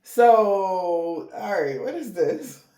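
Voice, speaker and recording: A woman's voice: medium pitch, expressive, drawn-out words, dark tone. Woman tarot reader, candid and profane, chatty reading to viewers. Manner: blunt, profane, chatty with laughing asides. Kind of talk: casual spiritual reading to viewers.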